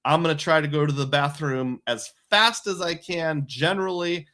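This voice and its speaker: A man's voice: fairly high pitch, normal speed, bright, forceful tone. A man hosting a live stream, chatting casually and rambling as he reads viewer comments aloud. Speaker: livestream host.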